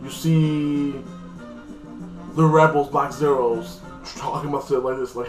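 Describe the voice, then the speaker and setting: A man's voice: fairly high pitch, fairly even intonation, normal speed. Rambling man recapping a TV episode. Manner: rambling, filler-heavy, restarts a lot. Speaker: TV episode reviewer. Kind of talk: casual spoken recap. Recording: echoey room, faint guitar music.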